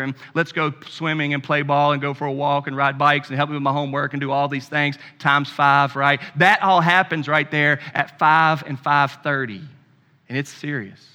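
Pastor guy preaching, high voice, lots of long church echo, fired up then chatty. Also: sharp tone, clean tone. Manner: emphatic, impassioned preaching with conversational asides. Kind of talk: sermon.

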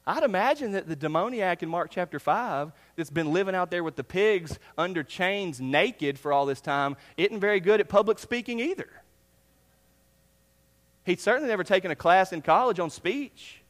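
Pastor preaching in a reverberant hall. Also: male voice, high-pitched, expressive, moderate pace. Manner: earnest, swings from loud emphasis to hushed near-whisper. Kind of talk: sermon. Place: church sanctuary. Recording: long reverb of a church hall.

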